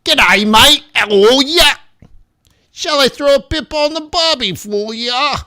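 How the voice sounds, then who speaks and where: Brief: a man doing a loud, high, hammy Aussie bloke with a mock Australian accent, over the top. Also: slow, heavily acted. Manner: exaggerated, hammy. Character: jokey stereotyped Australian bloke, male.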